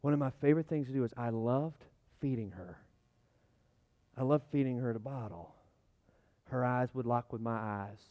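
A man in his thirties preaching a sermon in a conversational, animated way, often repeating his words. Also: mid-range voice, moderate pace, long pauses. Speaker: pastor. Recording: muffled lo-fi sound.

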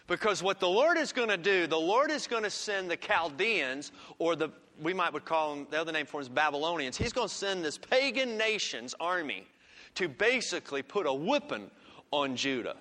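A man preaching a sermon, swinging from loud emphatic lines to hushed ones. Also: sits high, lively intonation, a little fast. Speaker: pastor. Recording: long reverb of a large hall.

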